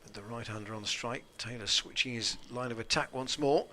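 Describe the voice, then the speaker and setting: A man's voice: mid-range voice, a little fast, background noise. A man co-commentating on cricket for radio. He describes the play in a wry, conversational way and reads out listeners' emails. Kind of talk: live commentary and listener chat.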